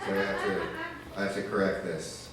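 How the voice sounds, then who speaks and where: A man's voice: low voice, little pitch movement, brisk, music in the background. A young man doing a stand-up comedy set in a loose, rambling way with crude asides. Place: small arts venue stage. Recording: distant, echoey room with noise.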